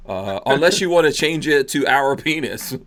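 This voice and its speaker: A man's voice: medium pitch, lively intonation, normal speed, fairly bright tone. A man hosting a casual podcast, reading viewer comments aloud in an easygoing way. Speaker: podcast host. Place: podcast studio.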